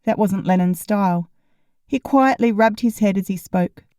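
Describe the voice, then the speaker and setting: Wry, mellow woman narrating a novel. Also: medium pitch, moderate pace, no room sound, clean studio sound. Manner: wry, deadpan storytelling. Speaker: audiobook narrator. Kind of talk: first-person fiction narration.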